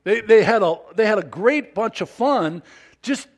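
A middle-aged man preaching a sermon as pastor, folksy and self-deprecating, stumbling over restarts and swinging from soft asides to loud emphasis. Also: sits high, lively intonation, unhurried. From Southern California.

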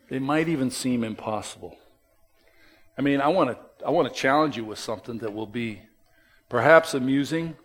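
A man preaching a sermon as pastor, emphatic and conversational, swinging between loud stresses and soft drops, with asides to the congregation. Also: mid-range voice.

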